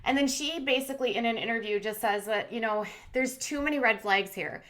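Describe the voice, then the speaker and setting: A woman's voice: fairly high pitch, a little fast, fairly bright tone. A woman hosting a commentary channel, recapping a reality show in a chatty, sarcastic way with plenty of fillers.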